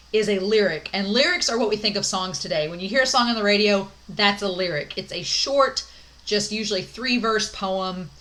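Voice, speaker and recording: A woman's voice: mid-range voice, pushed and bright. A young woman giving a recorded college English lecture, chatty and upbeat with many "um"s and "like"s.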